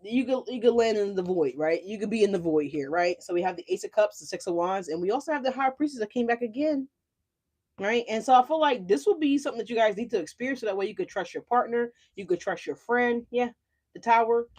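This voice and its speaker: A woman's voice: on the high side, expressive, quick pace, darkish tone. A woman giving a casual tarot reading, chatty and profane, tossing in "right?" asides. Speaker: tarot reader.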